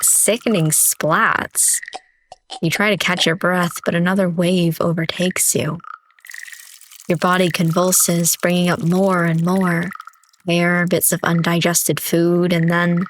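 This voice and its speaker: A woman streamer reading a horror visual novel aloud in steady, measured, dramatic narration. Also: lowish voice, slight background noise. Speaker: game streamer.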